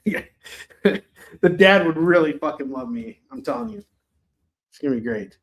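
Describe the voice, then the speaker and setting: A man's voice: a little high, big pitch swings, normal speed, pauses often. A man rambling and swearing casually while selling comics on a live stream. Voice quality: profane, rambling, joking.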